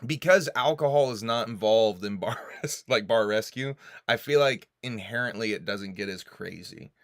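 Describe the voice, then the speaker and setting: Male livestream host: low voice, dry sound, casual and profane, with frequent coughs. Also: moderate pace, a bit bright, no echo.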